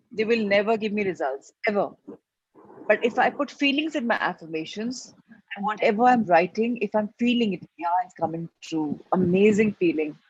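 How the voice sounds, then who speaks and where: Earnest woman teaching, husky voice. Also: mid-range voice. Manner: earnest, repetitive, stresses key words. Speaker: life coach teaching a class. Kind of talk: motivational teaching talk. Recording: slightly muffled lo-fi recording.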